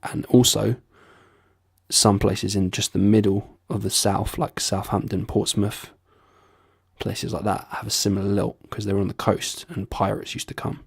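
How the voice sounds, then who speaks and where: A man's voice: fairly low pitch, flat delivery, moderate pace, vocal fry, husky, dry recording, clean studio sound. A young man casually explaining accents in a breezy tone, with the odd swear word.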